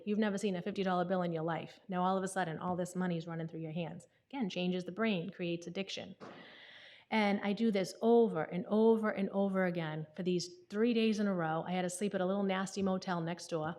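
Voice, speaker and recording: A woman's voice: mid-range voice, steady tone, fairly quick, a little mellow. A woman, speaking candidly at a conference and often checking in with the audience. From New England. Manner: candid, conversational, often asks "right?". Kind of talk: personal testimony talk.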